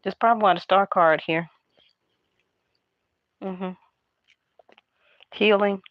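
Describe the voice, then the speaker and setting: A woman doing a casual tarot card reading, talking in a hushed, half-whispered, chatty way to her viewers. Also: mid-range voice, fairly even intonation, slow, no room sound, highs cut off. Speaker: tarot reader.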